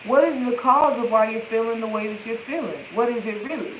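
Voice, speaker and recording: Woman coach livestreaming on her phone, kinda high voice, echoey room, a little hiss. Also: fairly quick. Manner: emphatic, repetitive affirmations. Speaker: healing coach. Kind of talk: live-stream self-help talk.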